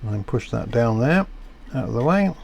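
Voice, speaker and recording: Gravelly man explaining a repair. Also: medium pitch, moderate pace, slight background noise. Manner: relaxed, chatty, self-deprecating asides. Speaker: radio repairer.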